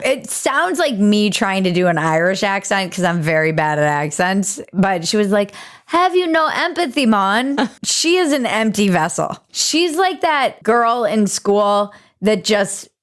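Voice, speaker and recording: A woman hosts her podcast with casual, opinionated commentary. Her delivery is irreverent and sarcastic, with casual swearing. Her voice sits in an ordinary middle pitch. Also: big pitch swings, measured pace, few pauses. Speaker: podcast host.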